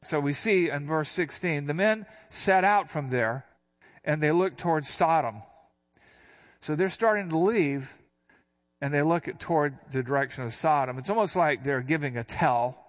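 Older guy pastor, chatty sermon, slows down for scripture reading. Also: fairly high pitch. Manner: conversational teaching, reading scripture aloud slowly.

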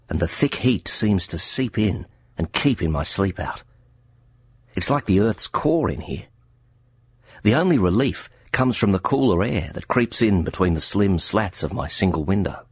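A man narrating an audiobook in measured, expressive storytelling. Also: sits low, slightly rough, no echo.

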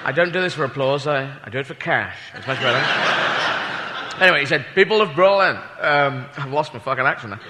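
A man's voice: mid-range voice, lively intonation, a little fast, bright, forceful tone. A British man doing a rambling, self-mocking stand-up comedy set before a live audience. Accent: British English. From Britain. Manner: rambling, self-mocking, slips into silly voices. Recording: echoey hall with audience noise.

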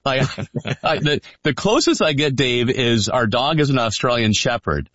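A man's voice: medium pitch, expressive, a little slow, a bit bright, dry recording. A man joking in a self-deprecating way on a political podcast panel. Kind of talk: casual political chat. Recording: dull, dry.

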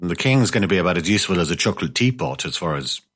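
Rambling, jokey man with a lowish voice. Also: animated, racing, a bit bright. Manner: rambling, jokey, self-mocking asides. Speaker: host reading listener messages. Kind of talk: casual chat. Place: indoors, living in coastal Spain.

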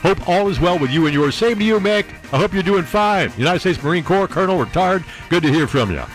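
A man's voice: sits high, expressive, a little fast, soft background music. A man hosting a talk radio show, sarcastic and rambling, laughing at his own jokes from a studio.

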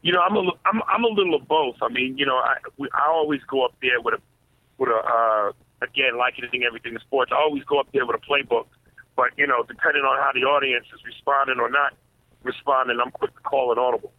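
A man's voice: medium pitch, fast talker, no room sound. Male comedian guest phoning in, mid-range voice, tinny line, laid-back with many stumbles. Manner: relaxed, stammers and restarts often. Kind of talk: casual radio interview.

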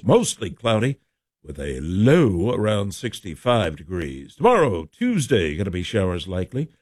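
Male morning radio host, folksy, lively pitch, dry studio sound. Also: no room sound. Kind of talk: radio weather and chat.

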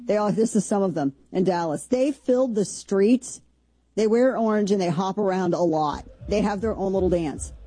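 A woman's voice: mid-range voice, normal speed, mellow, slightly rough, no echo. A woman hosting a show, giving casual commentary full of rambling, sarcastic asides. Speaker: show host.

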